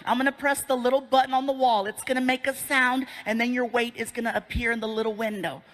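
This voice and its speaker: A woman's voice: a little high, flat delivery, quick pace, natural voice. A man voicing a friendly, adoring female nurse who speaks sweetly and politely.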